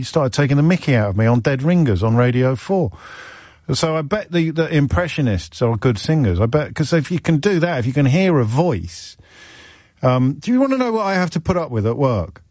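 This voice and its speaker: A man's voice: mid-range voice, a little mellow, no room sound. Guy hosting a radio phone-in, rambly and jokey, medium voice, dead dry studio. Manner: rambling, teasing, self-mocking asides. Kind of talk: casual radio chat. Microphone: studio microphone.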